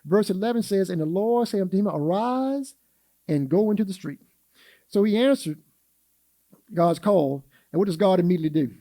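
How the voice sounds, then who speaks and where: His high, mellow voice is animated and moves at a normal speed as he teaches a church Sunday school class. He's folksy, asks the class questions, and acts out everyday quotes, all captured close and dry with no echo.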